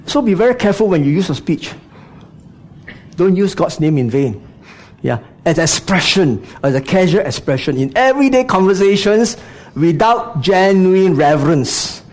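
A man's voice: high-pitched, very animated, normal speed, darkish tone. A man preaching a sermon, speaking to the congregation with frequent rhetorical questions and "you know" asides.

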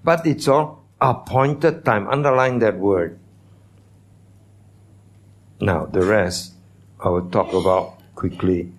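A pastor preaching a sermon in a church, teaching in a conversational way and putting questions to the congregation. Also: male voice, fairly low pitch, steady tone, takes it slowly, pauses often, slight background noise.

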